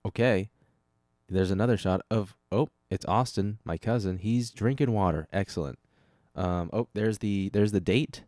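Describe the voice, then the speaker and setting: A man's voice: lowish voice, moderate pace, warm tone, dry recording, studio quality. A young man hosting his own podcast alone, rambling casually, breaking off his own thoughts and swearing offhand. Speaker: podcast host. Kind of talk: casual solo podcast chat.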